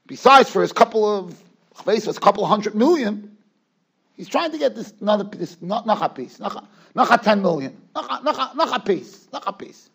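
High, lively-voiced rabbi lecturing. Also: male voice, husky. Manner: animated, repeats words for emphasis. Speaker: rabbi giving a Torah class. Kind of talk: Torah lecture with storytelling. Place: yeshiva study hall.

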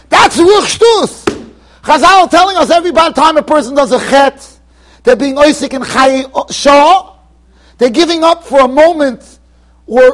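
A man with a Yeshivish American accent giving a lively Torah lecture in a yeshiva study hall, acting out his examples with sudden shouts. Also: very high voice. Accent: American Orthodox Jewish, Yeshivish. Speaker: rabbi giving a Torah class.

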